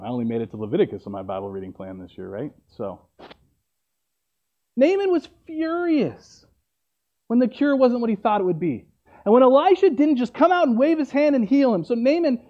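A man's voice: very high-pitched, big pitch swings, moderate pace, long pauses, dull audio. A man preaching a sermon, retelling a story in a conversational way and often checking in with "right?".

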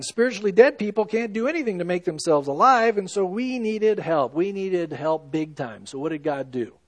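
A man preaching a sermon in an earnest, emphatic way, swinging between loud stresses and hushed, slow lines. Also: high-pitched, dry recording. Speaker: pastor.

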